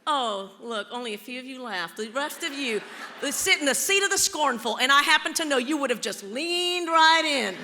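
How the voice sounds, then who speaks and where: Woman keynote storyteller; bright, animated, playful, in a large hall with long reverb. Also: high-pitched, moderate pace, a little hiss or hum. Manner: theatrical, playful, teasing the audience. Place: large auditorium.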